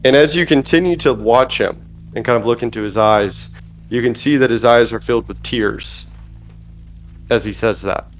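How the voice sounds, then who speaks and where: A man narrating a tabletop game as game master, speaking in a measured, descriptive way. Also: medium pitch. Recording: dull lo-fi audio with faint music.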